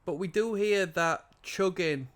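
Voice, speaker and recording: A man's voice: sits high, measured pace, music in the background. A tired man hosting an album reaction show, chatting casually with rambling asides. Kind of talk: casual music reaction commentary.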